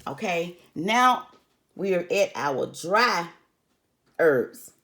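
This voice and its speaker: A woman's voice: on the low side, animated, extremely slow, fairly bright tone. An older woman teaching a recipe in a chatty way, often calling her viewers honey. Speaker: home cook. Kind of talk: cooking tutorial.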